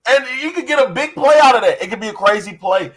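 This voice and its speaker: A man co-hosting a casual sports podcast, rambling excitedly as he spins out ideas. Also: high-pitched, fast, slightly rough. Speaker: podcast co-host.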